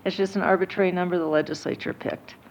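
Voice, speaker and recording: A woman school board member explaining a point in a public meeting, earnest and measured. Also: lowish voice, steady tone, gravelly. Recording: dull lo-fi meeting audio.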